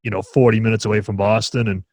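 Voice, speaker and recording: Talking at a quick pace in a lowish voice, this New Hampshire man hosts a podcast, mixing casual chat with animated rants heavy on profanity. The recording is dry.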